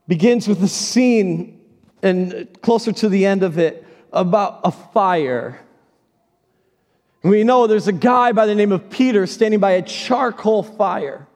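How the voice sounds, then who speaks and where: Pastor type: a high-voiced man, dramatic storyteller, preaching in a reverberant sanctuary. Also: takes it slowly, darkish tone. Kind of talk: sermon. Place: church sanctuary. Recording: large hall reverb.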